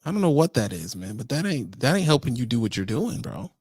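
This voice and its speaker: Trucker lecturing a trainee: gravelly man, swooping animated delivery, exasperated, preachy. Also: mid-range voice, fast, dry recording, clean studio sound. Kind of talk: casual vlog rant.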